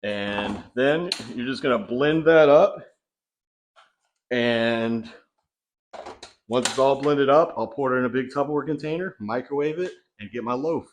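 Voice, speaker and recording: A man's voice: mid-range voice, measured pace, a little hiss or hum. A young man chatting casually in a vlog, talking loosely with lots of fillers from his home kitchen. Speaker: bodybuilding vlogger.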